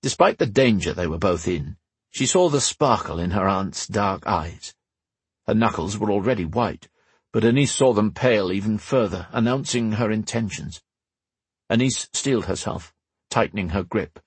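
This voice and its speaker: A man narrating a fantasy audiobook in a measured storytelling manner, slowing for dramatic moments. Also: fairly low pitch, breathy edge, no echo.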